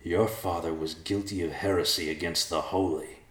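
A cold male zealot, slow and hushed, with a very deep, low voice, as a narrator puts him on. His quiet menace rings in an echoey room. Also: steady tone, natural voice.

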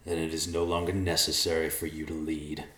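Man doing a deep slow creepy zealot guy, quiet menace, echoey. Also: flat delivery. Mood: cold. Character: cold, calm male zealot messenger.

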